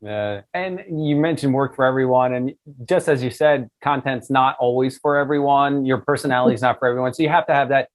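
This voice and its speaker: A man's voice: mid-range voice, brisk, few pauses. A man hosting an interview podcast, talking in a casual, enthusiastic way and asking long, rambling questions. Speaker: podcast host.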